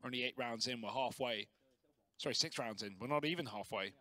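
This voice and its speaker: Bright-voiced male esports caster. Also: mid-range voice, a little fast, dry recording. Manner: excitable, jokey banter. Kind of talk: play-by-play commentary.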